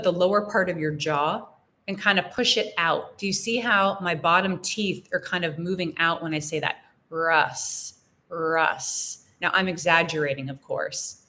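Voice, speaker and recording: A young American woman teaching English in a live Q&A, explaining phrases slowly and repeating examples. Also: on the low side, sharp tone. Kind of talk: live-stream Q&A lesson.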